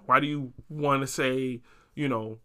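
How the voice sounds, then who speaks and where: A man co-hosting a casual podcast, laid-back, laughing often and jumping high in pitch when excited. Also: measured pace. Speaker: podcast co-host.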